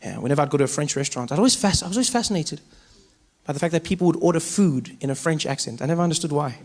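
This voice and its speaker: High-voiced man doing stand-up. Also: very fast. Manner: animated storytelling, mimics voices. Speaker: stand-up comedian. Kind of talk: stand-up comedy routine.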